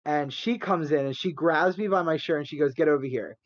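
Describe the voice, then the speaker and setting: A man's voice: fairly high pitch, fairly quick, dry recording, muffled recording. A man co-hosting a podcast, telling a rambling story in a casual chat, laughing often. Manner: animated, rambling, acts out quotes, laughs often. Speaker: podcast co-host.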